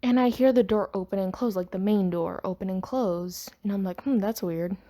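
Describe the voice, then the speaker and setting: Talking fairly quickly in a mellow, medium-pitched voice, a podcast host shares a personal story in a loose, rambling, chatty storytime monologue.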